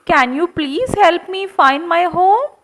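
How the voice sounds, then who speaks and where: A small boy monkey from a children's puppet show speaks in a high, childlike voice, as a woman plays him. He talks slowly and earnestly. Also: expressive, a bit bright, a little hiss or hum, heavily acted, low-quality recording. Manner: childlike, slow and plaintive. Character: little lost boy monkey, sweet and earnest.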